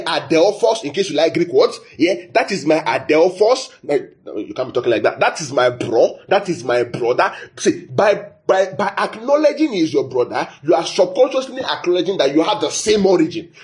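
Lively Nigerian-raised preacher, animated pitch. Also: male voice. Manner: lively, asks the audience questions, repeats phrases. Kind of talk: sermon.

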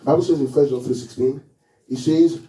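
A man's voice: mid-range voice, steady tone, fairly quick, mellow. A man preaching a sermon to his congregation in a church, often asking them questions and waiting for their answers. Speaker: pastor. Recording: echoey hall, mic far off.

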